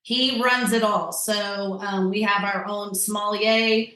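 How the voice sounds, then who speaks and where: A woman's voice: medium pitch, fairly even intonation, takes it slowly, bright, forceful tone. A woman chatting casually as a podcast guest, rambling with lots of fillers. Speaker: guest, tasting-room wine server. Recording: echoey room.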